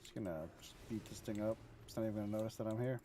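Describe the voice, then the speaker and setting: A man's voice: lowish voice, rapid-fire, warm tone, slight background noise. A man casually commenting on his gameplay, joking, humming and mumbling to himself. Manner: goofy, hums and sings to himself, mumbles. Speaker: gaming streamer.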